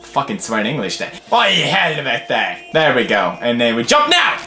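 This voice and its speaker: A young man in his twenties with a Swedish accent, commentating a game while swearing, muttering low and yelling high. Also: wildly swooping pitch, normal speed, reverberant, soft background music. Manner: loud, swearing, swinging between low mutters and high yells. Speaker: gaming video host. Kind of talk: gameplay commentary.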